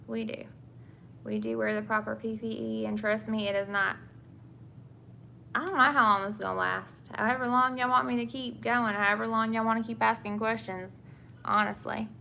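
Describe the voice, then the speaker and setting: A young woman, a nurse and vlogger from England with a Southern US accent, chats casually with viewers about her nursing work while doing her makeup. Her voice sits on the high side, creaky, pushed and bright, with flat delivery at a moderate pace. She answers viewer questions with many fillers and restarts, over a little hiss or hum.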